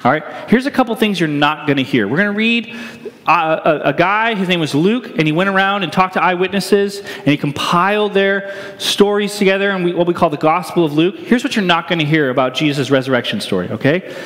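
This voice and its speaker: A pastor preaching an Easter sermon in a conversational, joking way, often checking in with "right?". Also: male voice, high voice, brisk, a bit bright. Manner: conversational, self-deprecating humor, asks "right?" often. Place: church sanctuary. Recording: reverberant church hall.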